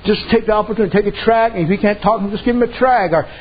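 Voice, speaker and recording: A man with a notably high voice preaches in a folksy, rambling way, telling stories and tossing in "amen" between thoughts. The recording sounds muffled and lo-fi. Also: racing. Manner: folksy, repeats "amen" and "I said", uses dialect. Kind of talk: sermon with storytelling. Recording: dull lo-fi sound.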